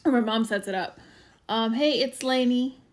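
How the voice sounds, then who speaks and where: A woman's voice: on the high side, a little slow, a little hiss or hum. A woman hosting a casual live-stream show, chatting and greeting viewers by name. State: out of breath. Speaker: waxing show host.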